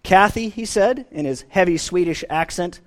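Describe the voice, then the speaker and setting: A man's voice: sits high, normal speed. A man preaching a sermon as pastor, earnest and emphatic.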